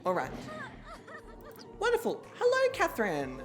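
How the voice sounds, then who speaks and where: Playing a life-sim game on her interactive stream, a young woman chats, swears and laughs in casual commentary. Her mid-range voice swoops wildly in pitch, she talks a little slowly, and faint music plays behind her.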